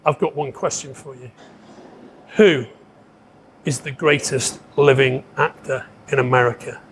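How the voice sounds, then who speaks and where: A surly, menacing movie-actor man, impersonated by a man in the middle of a story growls his lines low and blunt. He swears freely and shows no warmth. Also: steady tone, brisk, a little hiss or hum, lightly acted.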